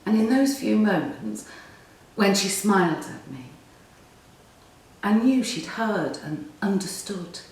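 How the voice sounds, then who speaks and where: A woman reads a story aloud with wry, chatty humour. Her pitch swings up and down, and she takes her time. The room has a heavy echo, and the mic sits far from her. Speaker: narrator. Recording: roomy echo, distant mic.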